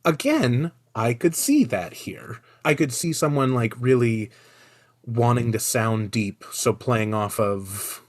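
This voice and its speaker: A man co-hosting a podcast, chatting playfully and jokingly, his voice still a little hoarse from illness. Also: medium pitch, slow. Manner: playful, jokey, animated storytelling. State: recovering hoarse voice. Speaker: podcast co-host. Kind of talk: casual chat.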